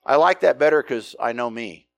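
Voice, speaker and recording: A middle-aged pastor from the United States preaching a conversational, emphatic sermon full of rhetorical questions. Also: male voice, mid-range voice, animated, moderate pace, vocal fry, no echo.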